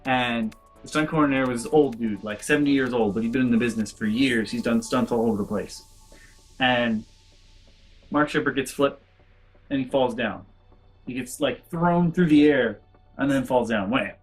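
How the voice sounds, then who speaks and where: Rambling, animated male vlogger. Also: mid-range voice, moderate pace, breathy edge, soft background music. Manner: animated, acts out quoted voices, rambling asides. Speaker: convention vlogger. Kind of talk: casual storytelling vlog.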